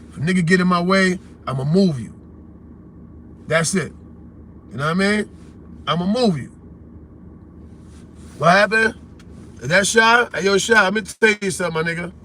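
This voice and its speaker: New york guy ranting on his call-in stream, high bright voice, blunt street talk. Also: a little hiss or hum. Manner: blunt, confrontational, streetwise slang. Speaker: host of a call-in livestream. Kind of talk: heated casual livestream rant.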